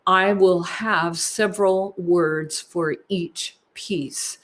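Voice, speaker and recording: Her voice on the low side, a choral clinician in her fifties teaches a conference session, calmly and explanatorily.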